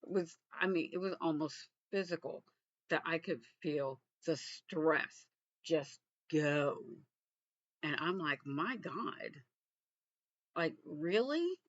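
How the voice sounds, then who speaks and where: A man from Texas, vlogging in a reflective, halting way with frequent restarts. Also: a little high, fairly even intonation, fairly bright tone, no room sound, dull audio. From Texas, USA. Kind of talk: casual personal vlog.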